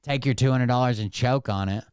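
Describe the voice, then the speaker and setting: A man's voice: medium pitch, a little fast, darkish tone, smooth, no room sound, studio quality. A man doing casual, sarcastic live-stream commentary, mocking and swearing as he reacts.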